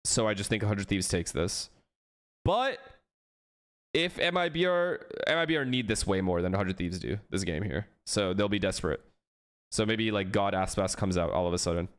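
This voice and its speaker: A man's voice: on the low side, expressive, normal speed, clean tone. A man hosting a watch party, chatting casually and bluntly calling match winners. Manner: blunt, offhand predictions. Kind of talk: casual chat with profanity.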